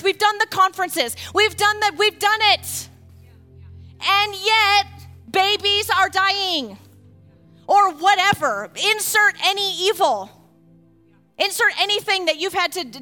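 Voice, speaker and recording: A woman preaches with a very high, bright, forceful voice. She swings from hushed, quick asides to loud, fired-up peaks. Soft music plays beneath her. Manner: animated, swings from hushed to fired-up, laughs often. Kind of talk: passionate sermon.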